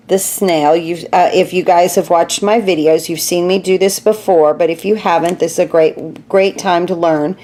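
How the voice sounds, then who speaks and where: A middle-aged woman with a fairly low, mellow voice chats her way through a casual card-making tutorial. She laughs at her own mess as she works.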